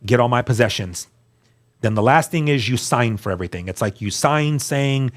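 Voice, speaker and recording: A man telling his story as a guest, earnest and animated, acting out the dialogue he quotes. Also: mid-range voice, moderate pace. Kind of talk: storytelling testimony.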